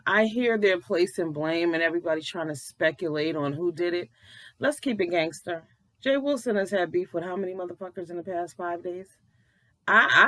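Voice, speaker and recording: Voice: medium pitch, bright, forceful tone. A vlogger, just out of bed, speaks in a groggy early-morning voice. The commentary is blunt, preachy and full of swearing. The sound is dry, with no room echo. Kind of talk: casual commentary.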